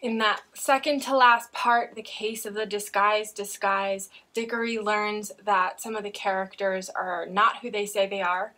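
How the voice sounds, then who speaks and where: A woman's voice: mid-range voice, sharp tone. A woman reading a novel aloud and reviewing it in an earnest, enthusiastic way, with small restarts. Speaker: book reviewer.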